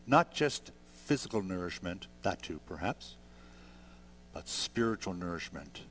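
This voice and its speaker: A man in his sixties preaching a sermon, conversational and gentle, building to emphatic peaks. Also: on the low side. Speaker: pastor.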